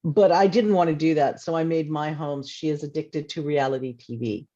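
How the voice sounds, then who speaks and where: A woman's voice: deep voice, normal speed. A woman author on a convention panel, telling stories in a chatty way and acting out bits of dialogue. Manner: chatty storytelling with lively re-enacted dialogue. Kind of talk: casual panel talk. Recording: slightly muffled audio.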